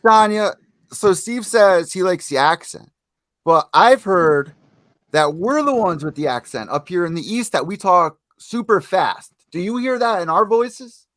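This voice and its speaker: A male podcast co-host with an energetic, joking manner, quick to tease. His voice is on the high side and sounds close and dry, with no room echo. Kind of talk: casual podcast banter. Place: home city in the East.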